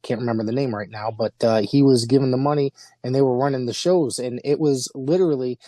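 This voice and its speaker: A man hosting an interview, chiming in with quick agreement and casual remarks. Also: mid-range voice, mellow, no echo. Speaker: interview host.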